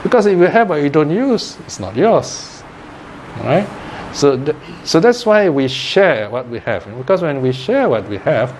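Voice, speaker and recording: A man's voice: a little high, very animated, a little slow, darkish tone, slight background noise. A man giving a Buddhist Dharma talk in a conversational teaching manner, often checking in with "okay?" and "right?".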